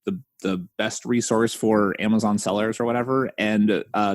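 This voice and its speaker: A man hosting a casual podcast chat, telling stories with animated jumps in his voice. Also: no echo. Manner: animated storyteller, mimics voices with big pitch jumps. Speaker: podcast host.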